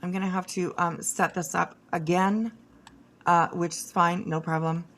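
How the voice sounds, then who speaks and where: This streamer's voice is lowish and fairly bright, with little pitch movement, at a normal speed. She talks right to her chat in a blunt, profane rant, full of fillers and false starts.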